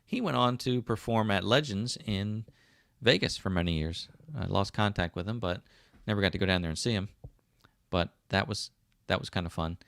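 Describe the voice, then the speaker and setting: A man in his fifties with a South Jersey accent hosts a relaxed livestream, rambling through viewer comments with plenty of ums and restarts. His low voice has a gravelly edge, and it sounds dry and close to the mic. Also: normal speed, dry recording. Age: 50s. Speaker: livestream host. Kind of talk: casual livestream chat reading comments.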